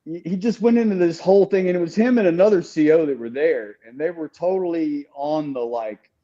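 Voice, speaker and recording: A man's voice: on the high side, fairly quick, mellow, lo-fi sound. A man speaking as a guest in a casual conversation, recounting his experiences in an earnest, candid way. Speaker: guest telling his story.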